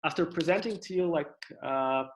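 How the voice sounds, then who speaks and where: A man giving an online conference lecture on physics, talking in a halting way with many restarts and fillers and inviting questions. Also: on the high side, a little hiss or hum. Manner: asks for questions and interruptions. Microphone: computer mic on video call.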